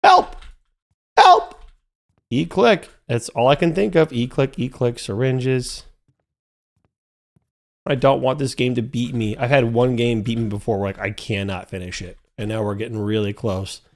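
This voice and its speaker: A young man commentating his own gameplay live, talking to his chat and growing frustrated, with sudden high yelps. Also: fairly even intonation, moderate pace, darkish tone. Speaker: streamer playing a horror game.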